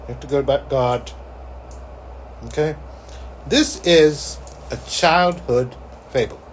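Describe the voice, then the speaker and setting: A man's voice: on the high side, takes it slowly, slight background noise, poor audio. A man hosting a psychic show, telling a story in a rambling, casual way, full of "like" and "you know". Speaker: psychic host.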